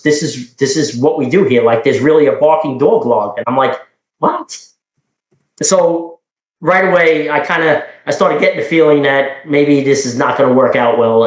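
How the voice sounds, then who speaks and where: Middle-aged new york guy telling old cop stories, rambly, lots of quoted back and forth, roomy sound. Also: medium pitch. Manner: rambling, animated, with frequent restarts and quoted dialogue. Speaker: podcast guest telling police stories. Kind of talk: casual storytelling.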